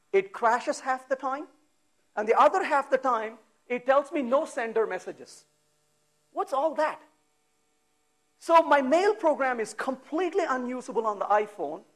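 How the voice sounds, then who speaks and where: At a conference hall, a man delivers an animated technical talk in a high voice that swings widely in pitch. He tosses out rhetorical questions and acts out exasperated asides.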